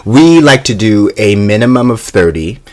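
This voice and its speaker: A man co-hosting a comedy show who trades sketches and banter with a dry, low-key delivery. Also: expressive, moderate pace, darkish tone. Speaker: comedy podcast co-host.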